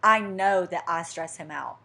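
Woman, young adult, podcast co-host, animated storytelling, lower voice. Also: a little slow, gravelly. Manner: animated storyteller, acting out quotes. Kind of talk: casual chat, storytelling.

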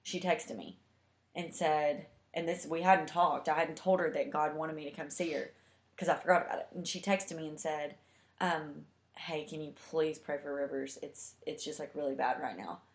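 A woman's voice: deep voice, fairly even intonation, moderate pace, roomy sound. A young woman telling a heartfelt personal story in a chatty way, full of fillers. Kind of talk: casual storytelling.

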